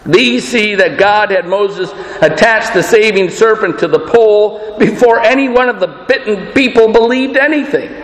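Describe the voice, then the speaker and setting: A man's voice: high-pitched, fairly bright tone, roomy sound, big-room sound, poor audio. A man preaching a sermon as pastor, earnest and emphatic, posing rhetorical questions.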